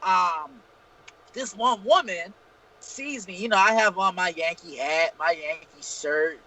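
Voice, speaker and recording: A man's voice: sits high, unhurried, pushed and bright, rough recording. A man co-hosting a casual live-streamed talk show, telling profane, rambling stories. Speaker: podcast co-host. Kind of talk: casual storytelling chat.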